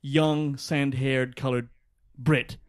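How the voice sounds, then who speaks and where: A man in his forties co-hosting a casual podcast chat, swearing freely and breaking into loud laughs. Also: medium pitch, steady tone, takes it slowly, smooth. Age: 40s. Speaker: podcast co-host.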